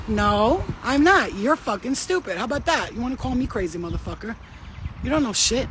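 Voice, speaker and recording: A woman's voice: a little high, animated, brisk, a bit bright, a little hiss or hum. A woman talking to her viewers in a casual spiritual pep talk, blunt, fired-up and full of profanity and slang, while outdoors walking her dog. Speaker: spiritual reader.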